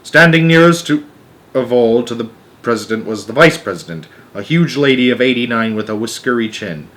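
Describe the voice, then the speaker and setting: Guy reading a kids book out loud, super lively up and down voice. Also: mid-range voice, normal speed. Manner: animated. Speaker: storyteller. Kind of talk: reading a children's book aloud.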